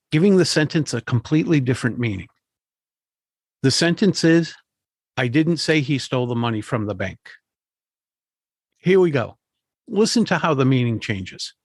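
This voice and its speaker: A man hosting a scripted public speaking podcast, speaking clearly and deliberately and stressing key words. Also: on the high side, dry recording, studio quality. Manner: clear, deliberate delivery with marked word emphasis. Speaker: podcast host and speaking coach.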